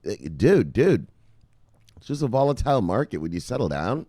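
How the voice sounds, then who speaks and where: Man, crypto news commentary, cursing and rambling, low voice, dry close sound. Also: lively intonation, fast talker, dry recording. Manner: rambling, profane, swings from loud to muttered. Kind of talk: casual profane commentary.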